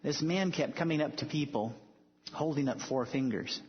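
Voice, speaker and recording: This sermon comes from a man with a mid-range voice speaking at a moderate pace, with a faint hiss or hum audible. He tells stories with emphasis and rises toward bold declarations, captured in an echoey hall with dull lo-fi sound.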